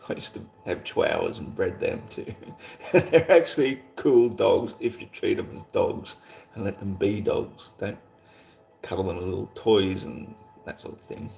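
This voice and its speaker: Aussie streamer, male, laid-back rambler, deep gravelly voice, light swearing. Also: measured pace, a little mellow, soft background music. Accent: Australian. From Australia. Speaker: livestream host. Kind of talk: casual chat while reading viewer comments.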